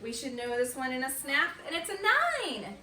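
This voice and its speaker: A woman teaching kindergarten and first graders in an online morning meeting, slow and sing-song. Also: high voice, very animated, reverberant, distant mic. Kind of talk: remote morning meeting lesson. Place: at home or classroom on camera.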